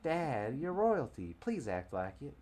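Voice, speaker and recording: A man's voice: big pitch swings, slow pace, darkish tone, a little hiss or hum. A man voicing a bossy young daughter in a game, scolding in a raised voice. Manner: scolding, high-pitched.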